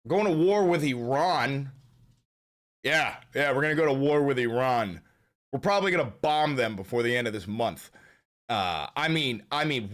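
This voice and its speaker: A man hosting his own political commentary show, ranting casually and swearing constantly in a blunt, fired-up way. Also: medium pitch. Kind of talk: casual profane political rant.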